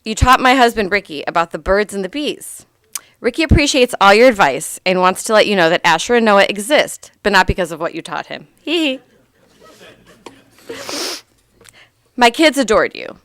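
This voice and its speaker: A woman in her thirties reading a eulogy for her grandfather aloud, heartfelt and gently humorous. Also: mid-range voice, expressive, brisk, no echo.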